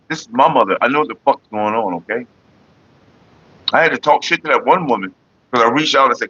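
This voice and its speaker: A man's voice: medium pitch, fast, long pauses, bright, forceful tone, husky, no echo, lo-fi sound. A middle-aged man hosting a casual livestream, talking bluntly and with lots of swearing straight to his chat viewers. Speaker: livestream host.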